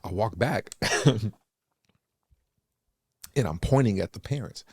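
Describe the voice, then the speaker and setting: A man in his thirties from Los Angeles, hosting and telling a story in a casual, animated way that acts out the people he quotes. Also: lowish voice, slow pace, slightly rough, no echo, clean studio sound. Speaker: host.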